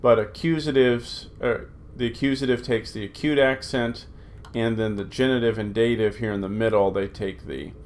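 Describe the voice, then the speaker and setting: A man's voice: on the low side, slight background noise. Man teaching a recorded Greek lesson. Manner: patient, repeats forms aloud with many fillers.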